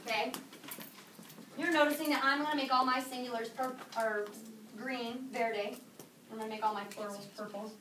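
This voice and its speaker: A high, bright-voiced woman teaches a high school class with playful energy, tossing questions to her students. She is picked up from a distance in a reverberant classroom, with a faint hum of room noise behind her. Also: steady tone, moderate pace.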